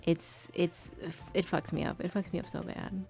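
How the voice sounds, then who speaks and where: Young female art streamer with a notably deep voice; loose, laughing, filler-heavy chatter over soft music. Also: steady tone, normal speed, gravelly. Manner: rambling, chatty, laughs often, frequent fillers. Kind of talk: casual chat while painting on stream.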